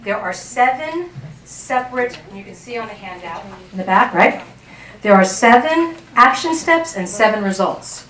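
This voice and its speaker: Woman, relationship coach, chatty workshop talk, somewhat high voice, roomy echo, off-mic. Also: expressive, moderate pace, fairly bright tone, far from the mic. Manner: chatty, checks in with the audience often.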